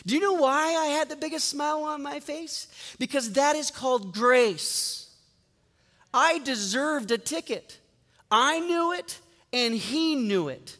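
Unhurried and conversational, this male preacher with a high-pitched voice narrates his sermon like a story, performing each line of dialogue himself. A long reverb trails his words, suggesting a big church sanctuary.

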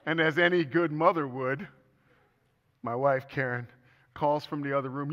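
Bright-voiced man preaching a sermon. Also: fairly high pitch, fairly even intonation, measured pace, pauses often. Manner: humorous storytelling with earnest turns. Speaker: pastor. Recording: echoey hall, dull sound.

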